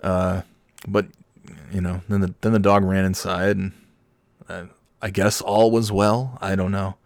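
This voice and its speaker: A man's voice: little pitch movement, a little slow, no echo, studio quality. A man hosting a podcast, telling a rambling, self-deprecating story in casual chat. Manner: rambling, self-deprecating, acts out quotes in high yelling voices. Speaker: podcast host.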